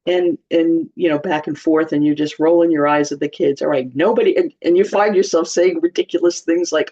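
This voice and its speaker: A woman's voice: deep voice, steady tone, fairly quick, hardly any pauses, mellow. A woman giving informal, humorous Bible teaching in a chatty way, laughing often. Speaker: church teacher. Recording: slightly dull lo-fi sound.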